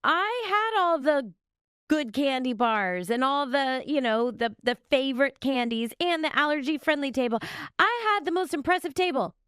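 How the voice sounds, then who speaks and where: Bubbly high-voiced woman. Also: expressive, normal speed, a bit bright, no room sound, clean studio sound. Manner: bubbly storyteller, laughs easily. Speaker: podcast co-host. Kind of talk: casual podcast chat.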